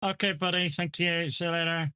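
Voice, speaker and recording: Chatty male streamer over engine rumble. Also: fairly quick. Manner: chatty, rambling, laughs often. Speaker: streamer playing a truck game. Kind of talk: casual live-stream chat. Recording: steady truck rumble behind voice.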